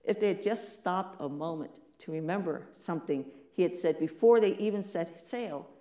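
Mellow-voiced preacher in an echoey room. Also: medium pitch, normal speed. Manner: conversational, many rhetorical questions, playful asides. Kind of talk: sermon.

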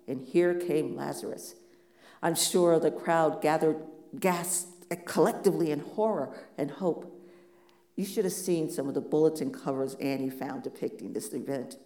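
A pastor preaching a sermon in a measured, reflective way, asking many rhetorical questions. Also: medium pitch, warm tone, roomy sound.

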